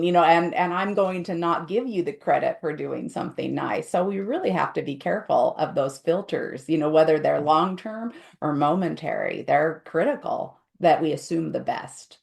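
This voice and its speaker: A woman's voice: low voice, normal speed, creaky, few pauses. A middle-aged woman, a guest expert on conflict, explaining patiently in casual interview talk and acting out quoted inner voices.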